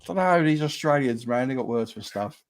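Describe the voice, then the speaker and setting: A man's voice: medium pitch, lively intonation, normal speed, a crowd in the background. A man, co-hosting a casual podcast, rambling through stories and laughing often. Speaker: podcast co-host. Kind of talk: casual chat.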